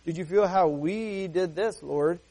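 A man with a high voice preaches a sermon in a relaxed, conversational way. He keeps asking his listeners rhetorical questions and slips into little acted-out voices as he makes his points. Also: a little slow. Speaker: pastor.

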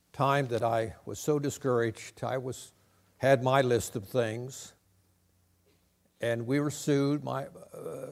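A middle-aged male pastor preaching a sermon, moving between loud, emphatic points and quiet, personal storytelling. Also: medium pitch.

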